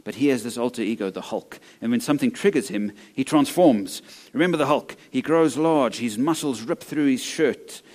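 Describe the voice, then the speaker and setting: Guy pastor giving a sermon, chatty and jokey, empty church, average pitch. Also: normal speed, hardly any pauses, darkish tone. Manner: conversational preaching with jokes and anecdotes.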